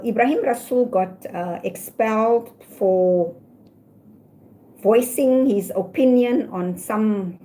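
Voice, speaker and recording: Brief: woman, mellow warm tone, faint background hiss, candid emphatic livestream host. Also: medium pitch, rough recording. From South Africa. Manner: candid, emphatic, talks through her reasoning. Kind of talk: opinionated casual livestream chat. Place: at home.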